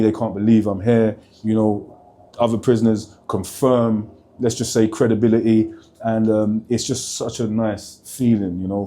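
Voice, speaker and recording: A man in his forties, a motivational speaker, talking fast and fired up to camera in a vlog. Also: fairly low pitch, mellow. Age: 40s. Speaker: motivational speaker, channel host. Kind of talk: energetic vlog talk to camera.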